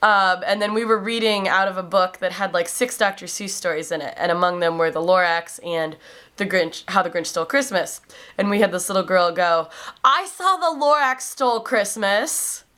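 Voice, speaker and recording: A woman's voice: fairly low pitch, fairly even intonation, a little fast, a bit bright. A young woman in her twenties, a classroom aide, casually telling funny stories in a vlog with frequent ums and a lift in her voice when quoting kids.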